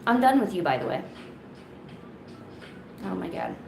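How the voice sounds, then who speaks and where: A woman's voice: fairly low pitch, sing-song, unhurried, vocal fry, slight background noise. A woman chatting casually on an art livestream, playfully scolding her cat in a mock-stern voice.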